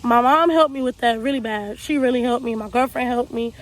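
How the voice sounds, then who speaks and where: A woman's voice: on the high side, fairly even intonation, brisk, rough recording. A young woman from Texas telling her life story to camera, earnest and raw, often repeating herself in loose casual speech. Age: young adult. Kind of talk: personal storytime monologue.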